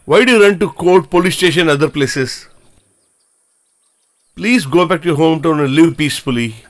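A man's voice: fairly high pitch, normal speed, natural voice. A man dubbing a film role, pleading and fearful. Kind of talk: film dub.

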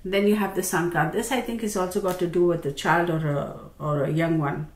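A woman's voice: lowish voice, brisk. Chatty woman reading tarot in a roomy space. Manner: chatty and expressive, talks straight to the viewer. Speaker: tarot reader. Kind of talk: casual tarot reading monologue. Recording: roomy with faint background noise.

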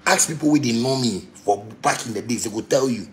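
A man in his thirties with a Ghanaian accent, speaking into a phone on a livestream. He rants and preaches with heat, lurching from loud, high outbursts down to low, muttered asides. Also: fairly quick, slight background noise. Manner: preachy and heated, swings between loud outbursts and low murmurs. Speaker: musician live-streaming. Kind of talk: impassioned social media rant.

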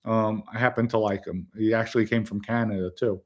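A man's voice: fairly low pitch, fairly even intonation, brisk. A man hosting a livestream, telling a story to his chat in a blunt, streetwise way with many fillers and asides. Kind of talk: casual storytelling to a live chat.

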